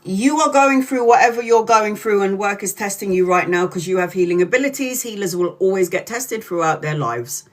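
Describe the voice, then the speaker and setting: A woman's voice: medium pitch, lively intonation, fairly quick, hardly any pauses. A woman tarot reader talking casually to viewers on a live stream, blunt and profane, dragging out key words for emphasis.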